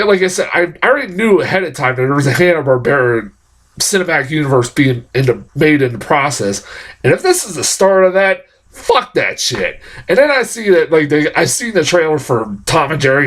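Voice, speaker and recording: A man delivering a casual film review as a profane, exasperated rant. His pitch swings widely from low grumbles to high, incredulous peaks. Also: a bit bright. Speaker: movie reviewer.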